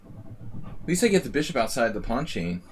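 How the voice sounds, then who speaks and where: A man's voice: medium pitch, sing-song, moderate pace, a little hiss or hum. A man streaming a chess simul, thinking aloud and muttering moves in casual commentary.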